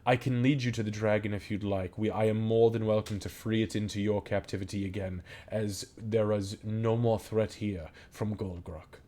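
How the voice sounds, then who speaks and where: A man voicing a solemn female goblin priestess who speaks in a formal, measured, quiet way that at times drops to a whisper. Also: fairly low pitch, fairly even intonation, lightly acted. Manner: formal, measured, soft-spoken, sometimes whispered.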